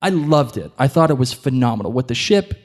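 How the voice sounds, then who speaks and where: A man with a Boston accent co-hosting a live podcast in a hotel event room, animated and joking with the crowd. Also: medium pitch, brisk. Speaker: podcast co-host. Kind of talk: live podcast chat before an audience.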